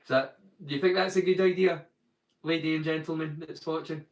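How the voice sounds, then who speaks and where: A livestream watchalong host from northeast Scotland chats casually with viewers, joking and greeting people by name in a Doric accent. His voice is fairly high and gravelly with fairly even intonation and a slightly fast pace. The lo-fi recording sounds reverberant and distant.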